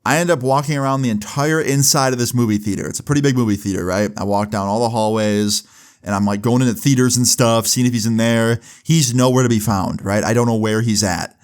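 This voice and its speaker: A man's voice: medium pitch, brisk. A young man telling a story in a casual, rambling way, full of fillers. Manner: rambling, lots of "like" and "right?".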